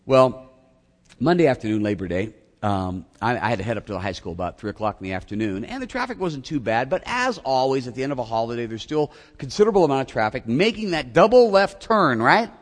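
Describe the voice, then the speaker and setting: A man's voice: medium pitch, fast. A middle-aged male pastor preaching a sermon, telling a story with self-mocking humor. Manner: animated storytelling, self-mocking, acts out shouting. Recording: long hall reverb.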